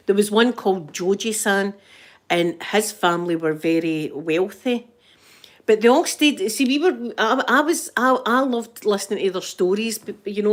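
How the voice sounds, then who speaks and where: A middle-aged Scottish woman chatting on a livestream, telling stories with lots of restarts and laughs. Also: mid-range voice. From Scotland. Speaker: livestream host. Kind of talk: casual chat reading live comments.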